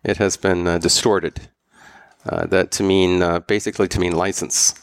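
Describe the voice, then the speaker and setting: A man co-hosting a political talk show, speaking slowly and haltingly with many fillers. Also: deep voice, flat delivery, gravelly, smooth, dry recording. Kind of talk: political commentary chat.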